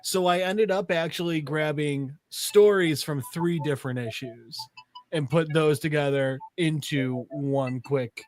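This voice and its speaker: A man's voice: a little high, measured pace, soft background music. A man co-hosting a podcast segment, retelling a comic in casual chat and acting out the characters' voices as he goes. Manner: animated storyteller, acts out voices.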